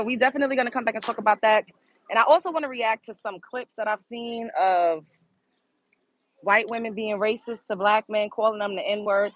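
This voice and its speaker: A woman's voice: medium pitch, dry recording, muffled recording. Chatty woman live-streaming on a phone. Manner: chatty, exclamatory, talks straight to viewers. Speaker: livestream host. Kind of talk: casual live-stream chat to viewers.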